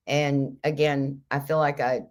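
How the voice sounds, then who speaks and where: A woman's voice: a bass voice, level tone, a little slow. A middle-aged woman hosting a casual livestream, reading viewer comments aloud in a chatty, kooky way, a little stuffy and headachy. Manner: chatty, kooky, laughs often. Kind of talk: casual chat.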